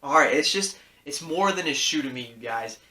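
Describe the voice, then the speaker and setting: A man's voice: fairly high pitch, expressive, moderate pace, sharp tone, reverberant, recorded from a distance. A man in his thirties telling a personal story on his sneaker vlog in a casual, rambling, earnest way, full of fillers and restarts, encouraging his viewers. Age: 30s. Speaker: sneaker YouTuber.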